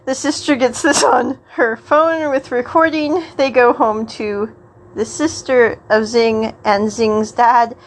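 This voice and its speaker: A woman's voice: fairly high pitch, steady tone, takes it slowly, poor audio. A woman hosting a podcast, recapping a drama episode in a chatty, rambling way and often laughing mid-sentence. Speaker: podcast host.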